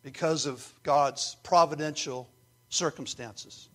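A male pastor preaches an earnest sermon with a slightly high voice. He drops to quiet, confiding asides and then builds back up to emphatic points. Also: slow pace. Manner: earnest, swings from hushed to emphatic.

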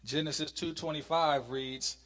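Man slowly teaching a Bible study. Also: a little high, steady tone, a bit bright, in a large hall. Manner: reads scripture slowly and emphatically, then talks casually. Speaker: preacher.

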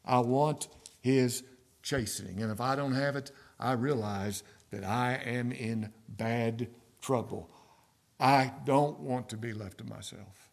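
A man who pastors a church, preaching a sermon and swinging from near-whispers to loud, stressed words. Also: medium pitch, slow pace, vocal fry. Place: church sanctuary.

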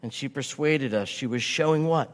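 A man's voice: mid-range voice, normal speed, long reverb tail. A man preaching a sermon as pastor, stressing his points by repeating key phrases.

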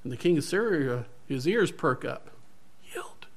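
Animated man preaching a sermon. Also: medium pitch, moderate pace. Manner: animated storytelling, self-correcting. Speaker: pastor.

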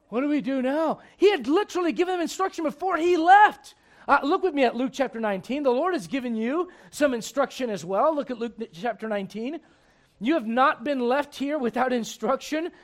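A middle-aged male pastor preaching a dynamic sermon, swinging from loud to hushed and acting out voices in little scenes. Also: very high voice.

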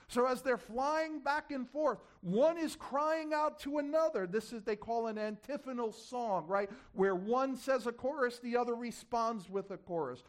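A man's voice: very high voice, moderate pace, few pauses. A man preaching a sermon, repeating key words for emphasis and asking the congregation rhetorical questions.

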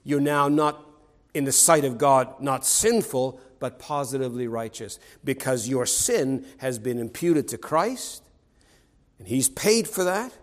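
A man's voice: mid-range voice, lively intonation, a little slow, low-quality recording. Earnest male preacher giving a sermon. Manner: earnest, emphatic, restarts phrases.

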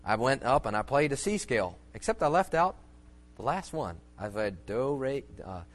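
A man's voice: mid-range voice, big pitch swings, moderate pace. Rambling folksy male preacher. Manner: rambling, folksy, many fillers and restarts; uses homely illustrations. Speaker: preacher teaching on church music. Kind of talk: informal sermon talk.

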